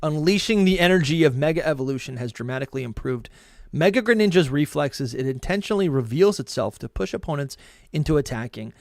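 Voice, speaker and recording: Excitable man with a higher voice. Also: quick pace, no echo, clean studio sound. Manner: excitable, stumbles and restarts, reads entries aloud. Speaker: podcast co-host. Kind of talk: casual chat, reading Pokédex entries aloud.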